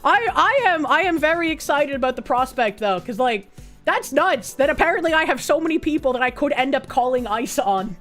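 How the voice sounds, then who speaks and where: A woman streamer chatting casually on a livestream, reading posts aloud and telling an animated story in which she acts out both sides. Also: sits high, a little fast, soft background music.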